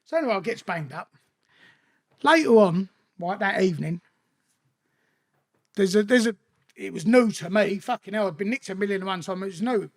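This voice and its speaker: A man's voice: high-pitched, animated, normal speed, pauses often. A middle-aged man with a London accent, telling rambling, profane, streetwise stories in a casual interview.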